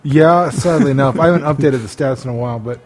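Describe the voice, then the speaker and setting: A man co-hosting a casual podcast, speaking cautiously with halting restarts. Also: medium pitch, noisy background. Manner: cautious, halting, stumbles over words. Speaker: podcast co-host.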